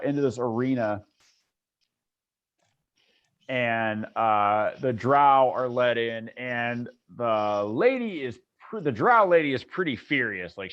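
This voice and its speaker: A man narrating a tabletop game as dungeon master, halting and rambling with many fillers. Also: medium pitch. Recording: dull lo-fi sound.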